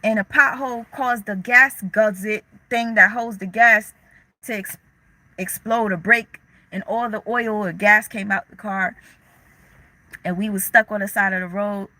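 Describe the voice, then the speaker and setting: A woman's voice: mid-range voice, fairly even intonation, a little slow, sharp tone, no echo, low-quality recording. A young woman hosting a casual livestream, talking candidly in slang and answering viewers' chat comments as they come in. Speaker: livestream host.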